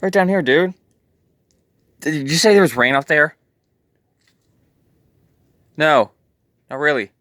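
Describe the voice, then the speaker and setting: A man voicing an excitable young male sidekick who speaks eagerly in a raised voice. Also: on the high side, slow pace, pauses often, no echo, clean studio sound.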